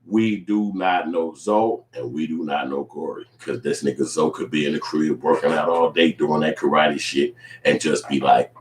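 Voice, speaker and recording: A man's voice: rumbling low, moderate pace, hardly any pauses, echoey room, poor audio. Blunt, profane man. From Chicago. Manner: profane, blunt, animated storytelling. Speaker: YouTube commentator. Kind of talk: casual commentary vlog.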